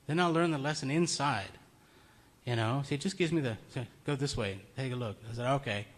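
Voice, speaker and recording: A man's voice: medium pitch, fairly quick. A man giving an informal, conversational sermon in a meeting room. He tells stories and chuckles often. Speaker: preacher.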